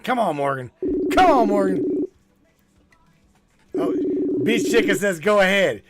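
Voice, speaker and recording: A man hosting a live call-in show, playful and teasing, with drawn-out exclamations. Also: high-pitched, very animated, over loud music.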